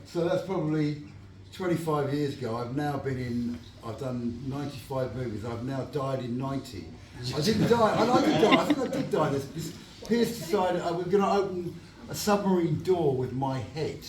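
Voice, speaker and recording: Lively man telling stories. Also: fairly high pitch, moderate pace, few pauses, slight background noise. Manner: animated, laughing, acts out voices in his stories. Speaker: guest actor on a fan event panel. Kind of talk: anecdotal storytelling to an audience. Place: event hall before a live audience. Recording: echoey hall, distant mic, crowd.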